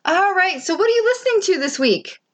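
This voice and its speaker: A woman hosting a podcast, chatting casually about a TV show, laughing often and throwing in quick asides. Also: very high-pitched, expressive, lo-fi sound. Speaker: podcast host. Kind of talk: casual chat recapping a TV show.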